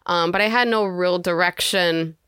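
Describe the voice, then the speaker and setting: A woman's voice: lowish voice, normal speed, fairly bright tone, smooth, dry recording, clean studio sound. A woman telling her story as a podcast guest in a chatty, casual way, with many "like"s and "um"s. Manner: chatty, frequent "like" and "um", laughs often. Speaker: podcast guest, filmmaker, singer and actor. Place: lives in South Florida.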